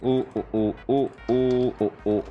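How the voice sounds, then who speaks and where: A young man streaming a video game, commenting excitedly, trash-talking and repeating phrases. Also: mid-range voice, a little slow, highs cut off, soft background music.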